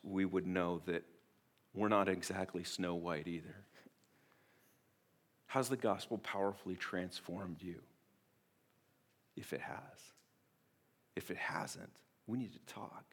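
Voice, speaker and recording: A man with a lowish voice preaches a sermon as pastor, earnest and emphatic. He often restarts phrases and swings between quiet and loud.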